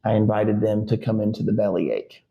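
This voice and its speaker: Speaking briskly with vocal fry and a fairly low pitch, a middle-aged dad who co-hosts a podcast recounts a family story in casual conversation over lo-fi audio. His account rambles, with many "likes" and restarts.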